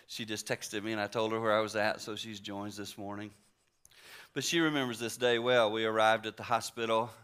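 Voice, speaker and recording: In his sixties, a man delivers a story-driven sermon conversationally, shifting between hushed and emphatic moments. His voice sits on the low side and sounds smooth.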